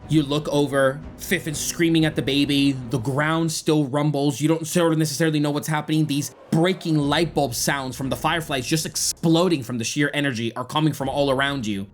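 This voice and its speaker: Man, game master, dramatic scene narration, fairly high voice, faint music behind. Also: fairly even intonation, fairly quick, hardly any pauses.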